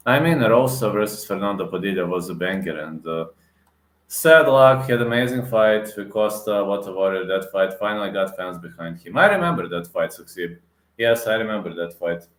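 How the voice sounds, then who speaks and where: A man with a fairly low voice rants heatedly to camera like an MMA reaction vlogger. He circles back to the same points and stresses them again. His voice carries a noticeable echo off the room. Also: animated, a little fast. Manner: repetitive, emphatic, many fillers and restarts. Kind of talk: heated casual rant to camera.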